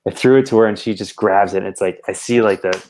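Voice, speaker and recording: A man's voice: fairly low pitch, fast, darkish tone. A young man, a touring musician, telling a story in casual chat, full of "like" fillers. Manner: rambling, lots of "like". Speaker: touring musician, podcast guest.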